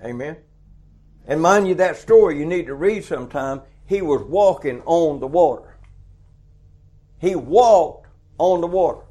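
A man's voice: on the high side, expressive, unhurried, long pauses, mellow. A man preaching a folksy sermon, chuckling often and acting out little dialogues. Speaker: truck stop preacher.

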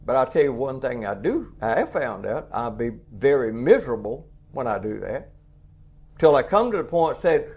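A man's voice: medium pitch, big pitch swings, moderate pace, darkish tone, slightly rough. A man preaching a folksy sermon, chuckling often and acting out little dialogues. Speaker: truck stop preacher.

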